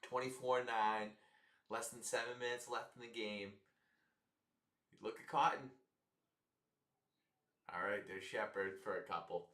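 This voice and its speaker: Man, live game reactions, excitable, repeats lines, roomy room sound, off the mic. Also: fairly low pitch, measured pace, pauses often, far from the mic. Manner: excitable, exasperated, laughs often, repeats himself. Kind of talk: casual live football reaction.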